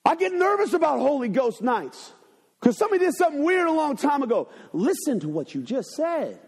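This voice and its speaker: A man preaching a sermon to his congregation from a church, swinging between loud, urgent passages and low, hushed ones, with call-and-response phrases. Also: very animated, a little fast. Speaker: pastor. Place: church sanctuary.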